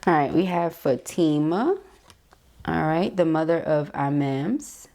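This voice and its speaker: A woman's voice: low voice, animated, slow, mellow. A woman giving a casual tarot reading, reading card affirmations aloud and chatting with viewers. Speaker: tarot reader.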